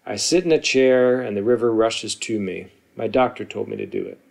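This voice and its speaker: A man reading a story, voicing a weathered solitary man guiding children with dry humor in a gentle, low-key way. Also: steady tone, normal speed, creaky.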